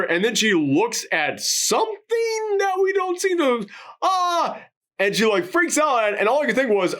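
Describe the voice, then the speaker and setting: A man's voice: high-pitched, big pitch swings, normal speed, a bit bright. A man co-hosting a casual movie review podcast, acting out quotes from the film in dramatic voices. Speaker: podcast co-host.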